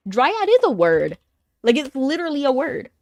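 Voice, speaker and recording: A woman's voice: high-pitched, wildly swooping pitch, normal speed, no room sound, lo-fi sound. A woman streamer chatting casually with her viewers while playing an online game, rambling and laughing often.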